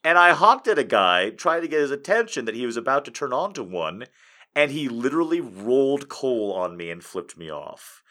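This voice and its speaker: A man rants to his audience in a bright, forceful voice that is full of swearing. His pitch swings widely as he moves from loud bursts to mumbled asides. The delivery is loose and animated. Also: normal speed. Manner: animated, swearing, jumping between loud and quiet. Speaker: streamer. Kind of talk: casual profane ranting to an audience.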